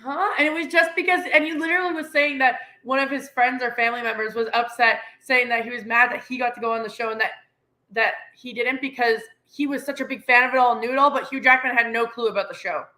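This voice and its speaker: Bright-voiced chatty woman. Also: a little high, quick pace. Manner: chatty, filler-heavy, agreeable. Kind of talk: casual chat.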